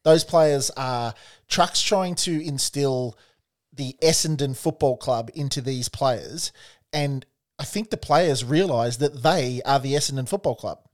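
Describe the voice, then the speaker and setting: A man's voice: medium pitch, measured pace. A man in casual chat about football, searching for words and cutting in with questions. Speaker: football podcast co-host.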